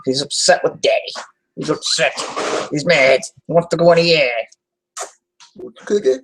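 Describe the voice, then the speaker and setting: A man's voice: on the high side, steady tone, normal speed, a bit bright, a little hiss or hum, rough recording. A young adult man hosting a live online talk show, chatting casually and loosely with lots of fillers, self-corrections and casual swearing. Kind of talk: casual rambling chat.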